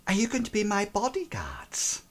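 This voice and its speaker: A man's voice: high-pitched, huge pitch swings, moderate pace, voice pushed up, full character voice. Bored spoiled teen girl, as a man puts her on.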